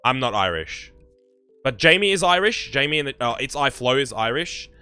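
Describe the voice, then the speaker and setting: Lively, bright-voiced Australian man. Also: mid-range voice, a little fast, clean tone, faint music behind. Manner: chatty, rambling, talks to viewers. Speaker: gaming streamer. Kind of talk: live stream commentary, reading chat.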